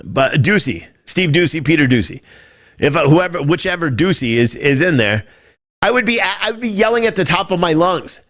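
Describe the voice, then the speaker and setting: A man's voice: fairly high pitch, expressive, normal speed, fairly bright tone. A man hosting a live-streamed political talk show, ranting in a loose, profane way and breaking into mocking impressions.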